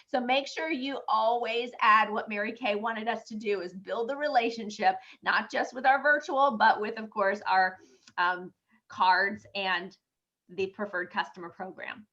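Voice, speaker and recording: A hoarse woman presenting at a sales team meeting as director, upbeat and encouraging, on dull lo-fi video call audio. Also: mid-range voice, unhurried, bright, forceful tone.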